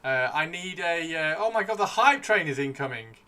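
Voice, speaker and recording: A man's voice: a little high, animated, normal speed, pushed and bright. A man casually chatting on his live stream, rambling and easygoing as he thanks viewers.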